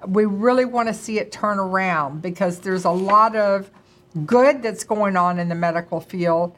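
A woman's voice: mid-range voice, moderate pace, fairly bright tone. A middle-aged woman co-hosting a casual talk and speaking earnestly and emphatically to viewers. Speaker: co-host, doctor's wife. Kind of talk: casual conversational chat.

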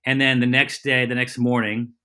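Bright-voiced man telling a rambling story. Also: mid-range voice. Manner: lively, rambling storyteller with quick self-corrections. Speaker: comedian and TV host, podcast guest. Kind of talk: casual anecdotal storytelling.

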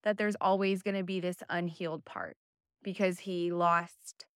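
A woman's voice: fairly low pitch, fairly even intonation, measured pace, smooth, dry recording, clean studio sound. A woman podcast co-host reflecting in a thoughtful, hesitant way, often searching for words. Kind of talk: reflective conversation.

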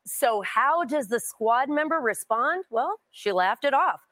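A woman's voice: high voice, expressive, a little slow, fairly bright tone, dry recording. A woman hosting a broadcast news panel, delivering emphatic political commentary. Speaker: news show host.

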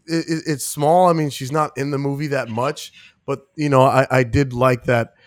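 A man's voice: medium pitch, no room sound, clean studio sound. A man co-hosting a film podcast, talking casually and rambling with lots of fillers. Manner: rambling with many "you know" fillers. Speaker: podcast co-host.

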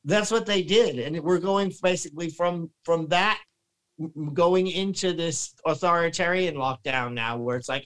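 A man's voice: a little high, moderate pace, fairly bright tone, smooth, low-quality recording. A man on a podcast in rambling, heated casual chat, often slipping into mocking voices.

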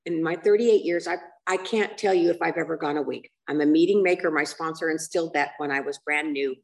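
An older woman with a lowish voice shares her story at a recovery meeting in a rambling, candid, self-mocking way. Her talk is full of fillers and side remarks. The mic picks her up from a distance. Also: brisk, vocal fry. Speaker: speaker sharing at a recovery meeting. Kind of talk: candid personal testimony. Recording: voice picked up from a distance.

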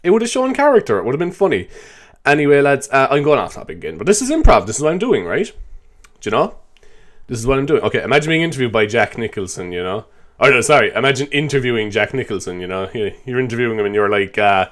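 A man's voice: medium pitch, sing-song, quick pace. A man hosting a comedy show, rambling through an improvised monologue in a self-mocking way and laughing often.

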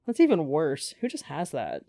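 A woman's voice: low voice, huge pitch swings, normal speed, mellow, no echo. A young woman co-hosting a podcast, chatting casually, swearing and sharing trivia. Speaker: podcast co-host. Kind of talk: casual chat. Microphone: close mic.

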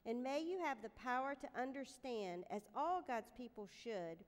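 Woman, middle-aged, fairly high voice, lively storytelling devotional talk, long hall reverb. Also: moderate pace. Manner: animated, self-deprecating storyteller. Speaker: speaker at a women's gathering. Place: room with a live audience.

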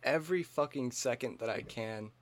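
A man co-hosts a comedy podcast in loose, joking chat, riffing off his partner and talking over him. His voice sits at an ordinary middle pitch. The sound is close and dry, with no room around it. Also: normal speed, no room sound. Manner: joking, riffs and talks over his co-host. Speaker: podcast co-host.

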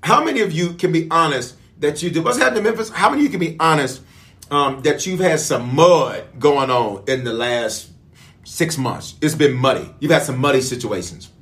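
A man's voice: on the high side, expressive, fairly quick, a bit bright. A man preaching as bishop in a livestreamed sermon, calling out to his listeners and repeating lines for emphasis.

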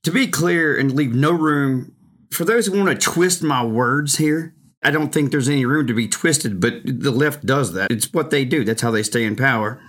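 A man's voice: mid-range voice, normal speed, a bit bright. A male commentator giving an indignant, emphatic opinion monologue with rhetorical flourishes. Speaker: political commentator.

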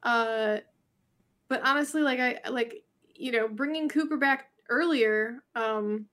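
A woman's voice: on the high side, slow pace, a bit bright. Rambling woman podcast co-host. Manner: rambling, thinks aloud with many restarts. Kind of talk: casual chat.

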